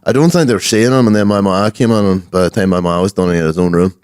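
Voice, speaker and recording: A man's voice: low voice, fast, a little mellow, smooth, no echo, clean studio sound. A young Irish man co-hosting a podcast in a laid-back, bantering way, with plenty of swearing. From Ireland. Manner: laid-back banter, calls his co-host lad. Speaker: podcast co-host. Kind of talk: casual chat.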